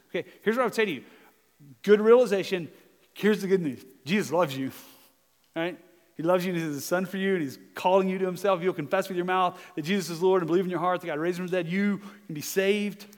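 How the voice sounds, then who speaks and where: A high-pitched man with a Southern US accent preaches earnestly to his congregation. His emphatic sermon rings through a church with a long reverb tail, broken now and then by a quick self-mocking aside. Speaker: pastor. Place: church sanctuary.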